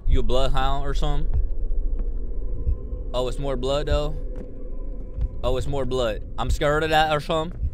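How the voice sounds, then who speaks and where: A man's voice: medium pitch, steady tone, moderate pace, pauses often. A young man giving horror game commentary, brashly trash-talking in slang. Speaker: gamer. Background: game music.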